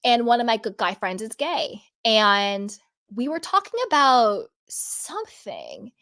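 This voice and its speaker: A woman hosting a casual commentary vlog, talking earnestly and slowing down to stress key words. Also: on the high side, wildly swooping pitch, fairly bright tone. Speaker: host.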